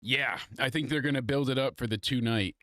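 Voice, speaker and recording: Man, congested, casual live stream host, loose rambling talk, mid pitch, dry sound. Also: a little fast, pushed and bright, no echo. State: congested from allergies. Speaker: wrestling review livestream host.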